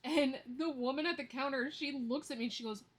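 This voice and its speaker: A woman in her thirties who vlogs about budgeting talks casually to the camera as she counts her money aloud, sharing stories and laughing easily. Her voice is high and brisk.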